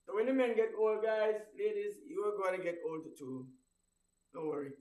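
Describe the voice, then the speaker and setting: High-voiced man rambling on breakfast radio. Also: animated, normal speed, darkish tone. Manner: rambling, stumbling restarts, laughing at own story. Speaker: radio show host. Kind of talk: casual radio chat. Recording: roomy echo, voice far from mic.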